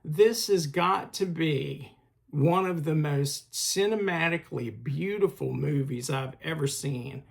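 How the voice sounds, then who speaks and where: Man, film review host, fairly high voice, halting with fillers, enthusiastic. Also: creaky. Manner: halting, many filler pauses; enthusiastic collector. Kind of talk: casual video review.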